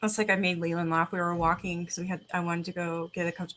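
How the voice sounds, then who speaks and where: A woman's voice: fairly low pitch, little pitch movement, fast, a bit bright, a little hiss or hum. A woman hosting a podcast, chatting casually and telling stories with lots of laughter and swearing. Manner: laughing storyteller, swears freely. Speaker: podcast host. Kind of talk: casual chat.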